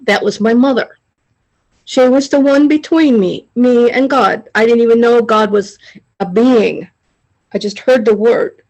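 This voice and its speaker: A woman sharing personally in a group video call, talking in a halting, rambling way with many restarts, emotional and confessional. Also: fairly high pitch, darkish tone, low-quality recording. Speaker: study group member sharing.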